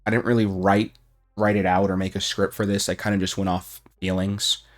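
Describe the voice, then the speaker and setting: A young man giving unscripted commentary on a video game, heated and profane, with his voice rising toward shouting. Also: low voice, level tone, brisk, soft background music. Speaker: gaming YouTuber.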